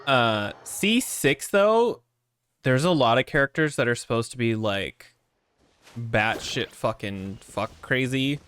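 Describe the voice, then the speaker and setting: A man's voice: mid-range voice, animated, takes it slowly, a bit bright, smooth. A man streaming a video game who talks casually, swears freely and trips over hard names. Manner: rambling, profane, stumbles over names. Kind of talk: casual gameplay commentary.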